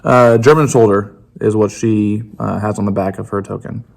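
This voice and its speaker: Low gravelly male co-host, relaxed and chatty. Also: normal speed. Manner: relaxed and chatty, laughs often, trails off with fillers. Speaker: co-host unboxing game tokens. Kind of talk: casual chat.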